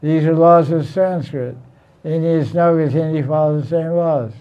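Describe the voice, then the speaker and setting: A man's voice: a little high, normal speed, dark tone, clean tone. A man teaching a Sanskrit class in a blunt, teasing way, often repeating himself. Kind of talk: informal classroom lecture.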